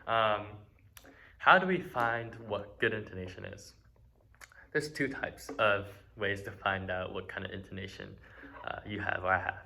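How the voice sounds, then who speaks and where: A man's voice: lowish voice, measured pace, vocal fry, bright, forceful tone, a little hiss or hum. An eighteen-year-old man giving a casual, friendly violin lesson, with many ums and uhs. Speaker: student violin teacher.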